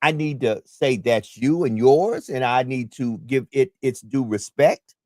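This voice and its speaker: A man's voice: medium pitch, a little slow, dark tone, no echo, studio quality. A man hosting a community talk radio show, speaking in an emphatic, preacherly way and repeating his key points.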